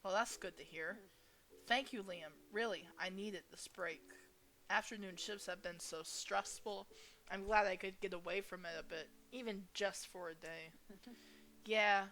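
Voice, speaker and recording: A young woman reading a visual novel aloud as a gaming host, expressive and playful as she voices each character. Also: medium pitch, a little slow. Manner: expressive, reads each character's lines with shifting energy.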